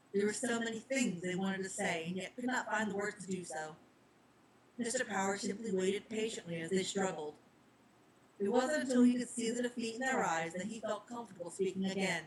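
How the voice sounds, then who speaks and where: A woman narrating a storybook reading in a soft, plain way. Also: medium pitch, a little hiss or hum, poor audio.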